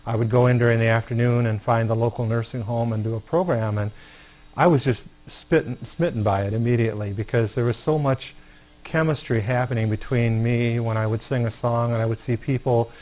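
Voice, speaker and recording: A man's voice: mid-range voice, fairly even intonation, fairly quick. A middle-aged American man tells his story at a studio table in an easygoing, humorous way, his voice sitting in a middle register. The recording is lo-fi and dull, muffling his speech. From Michigan, USA. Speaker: guest singer. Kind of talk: studio interview.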